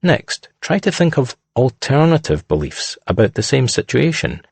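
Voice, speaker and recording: A man reading scripted narration in a measured, deliberate way. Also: medium pitch, big pitch swings, vocal fry, husky, dry recording.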